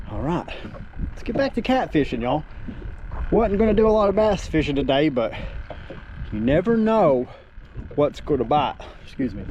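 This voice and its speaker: Southern male fishing vlogger, folksy and chatty, outdoor recording with steady noise. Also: medium pitch. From Tennessee. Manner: folksy, says y'all often. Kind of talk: casual on-camera chat. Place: small boat on a river, outdoors.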